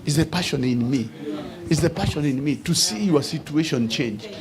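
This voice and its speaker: Gravelly, high-voiced man preaching. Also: lively intonation, normal speed, a crowd in the background. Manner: builds to shouted declarations, often repeats and restarts words. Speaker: bishop preaching to a congregation. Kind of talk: sermon.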